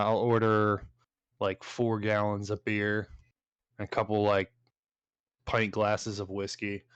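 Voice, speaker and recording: A man's voice: on the low side, fairly bright tone, clear, resonant tone, dry recording. A man playing in a tabletop game, laid-back and rambling as he tells what his character does. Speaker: player. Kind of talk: casual tabletop play.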